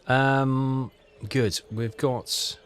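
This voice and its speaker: A man giving casual commentary on a strategy game, thinking aloud with halting, self-correcting phrases. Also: mid-range voice, level tone, slight background noise. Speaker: gaming channel host.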